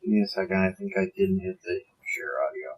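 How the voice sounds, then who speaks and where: A man's voice: low-pitched, huge pitch swings, fast, husky, muffled recording. A man hosting a live stream, chatting casually and running the setup as he talks. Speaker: stream host. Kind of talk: casual chat.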